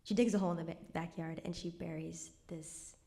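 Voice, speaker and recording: A woman's voice: lowish voice, steady tone, fairly quick, creaky, warm tone. Wry woman telling a story on stage. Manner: conversational and wry, dropping to a near whisper at somber moments. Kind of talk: live personal storytelling on stage. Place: cultural center stage before an audience.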